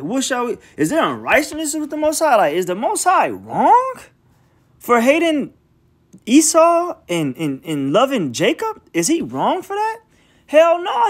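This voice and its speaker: Male bible teacher, high-pitched, casual and profane, reads verses then riffs emphatically. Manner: emphatic, repeats filler "man". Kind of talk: informal scripture teaching.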